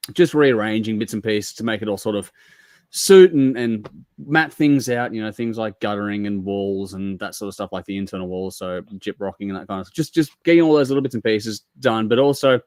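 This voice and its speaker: A man's voice: lowish voice, no echo. A man, co-hosting a live stream, chatting in an easygoing, rambling way. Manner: easygoing, rambling, brief reactions. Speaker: podcast co-host. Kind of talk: casual chat.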